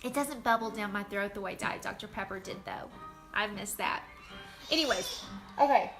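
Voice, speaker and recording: A woman's voice: medium pitch, moderate pace, over music. A bubbly, chatty woman, hosting a casual live stream from home and greeting viewers by name. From Texas.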